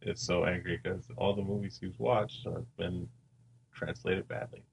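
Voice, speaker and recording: A man's voice: low-pitched, little pitch movement, moderate pace, vocal fry, a little hiss or hum. A man co-hosting a podcast in casual chat, hesitant and repeating words, often giggling. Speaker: podcast co-host.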